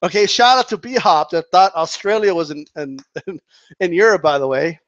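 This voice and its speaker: Guy ranting about boxing, high voice, super dry sound, swearing nonstop and laughing at his own jokes. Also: moderate pace, dry recording, highs cut off. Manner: animated, sarcastic, swears constantly, laughs often. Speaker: boxing commentator. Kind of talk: profane ranting monologue.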